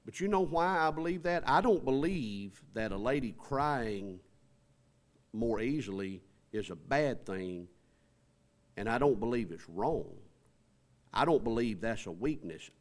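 A man's voice: mid-range voice, expressive, a little slow. A middle-aged man, preaching a sermon in a folksy, conversational way with rising emphasis. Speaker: pastor.

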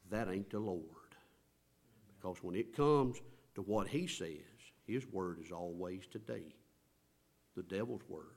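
A male pastor preaching a sermon in a church, dropping to near murmurs and then rising to drawn-out shouts. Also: medium pitch. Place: church building.

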